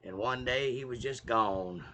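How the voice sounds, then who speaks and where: A man doing an impression of a slow, solemn older male film narrator, speaking low and drawn out. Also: bright, forceful tone, slight background noise.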